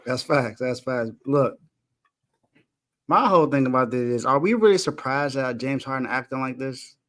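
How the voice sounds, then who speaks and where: A man's voice: medium pitch, moderate pace, fairly bright tone. A man co-hosting a sports podcast in casual talk, building his argument point by point with emphasis.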